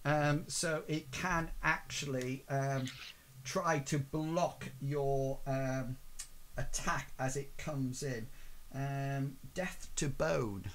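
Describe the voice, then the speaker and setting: Slow, halting male game master. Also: mid-range voice, steady tone, a bit bright, a little hiss or hum. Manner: halting, many ums and hedges. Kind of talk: narrating a tabletop game.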